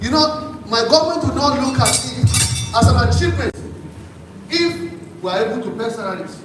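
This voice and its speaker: A man's voice: very high voice, lively intonation, moderate pace, distant mic, over music. A man with a Nigerian accent, a governorship candidate giving formal debate answers and repeating points for emphasis. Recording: very echoey hall, picked up from afar.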